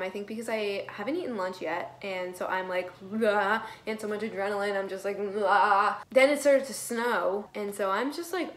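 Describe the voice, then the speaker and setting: A woman's voice: medium pitch, rough recording. A woman in her twenties talking casually in a daily vlog, chatty and rambling, laughing often. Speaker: vlogger. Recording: faint background noise.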